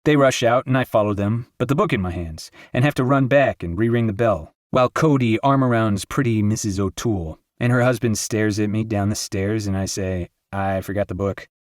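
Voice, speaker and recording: A low-voiced man narrates an audiobook in a steady, lyrical reading style. His delivery flows evenly through long sentences. The recording is close and dry, with no room sound. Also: brisk, few pauses, no room sound. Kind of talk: scripted narration.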